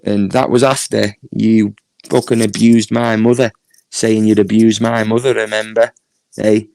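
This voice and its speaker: A Northern English man on a live stream, his low voice gravelly and fried at the edges. He talks loosely and laughs a lot, answering chat as he goes, and the sound is close and dry. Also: flat delivery, unhurried, darkish tone, dry recording. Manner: chatty, laughs often, reads chat aloud. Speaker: YouTube streamer.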